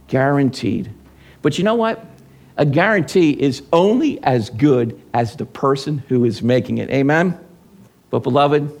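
A man's voice: mid-range voice, creaky, a little mellow. A man preaching a sermon as pastor, emphatic, asking the congregation questions and answering them. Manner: emphatic, rises and falls with call-and-response questions.

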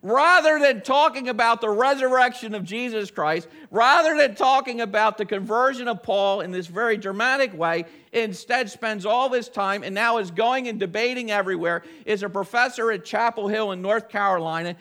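A man preaching a sermon, dramatic, swinging between loud emphasis and low, hushed lines. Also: moderate pace, few pauses.

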